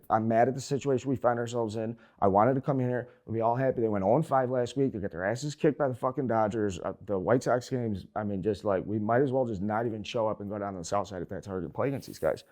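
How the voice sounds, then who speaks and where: A man's voice: lowish voice, quick pace, darkish tone. A man hosting a sports talk show, ranting with heavy swearing, short of breath. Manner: profane, heated ranting. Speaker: host.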